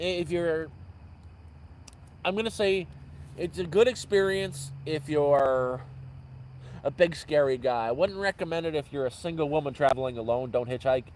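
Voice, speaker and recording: A man's slightly high, darkish voice comes through poor audio with slight background noise. He's livestreaming from an outdoor camp at night, telling rambling stories and often correcting himself mid-sentence.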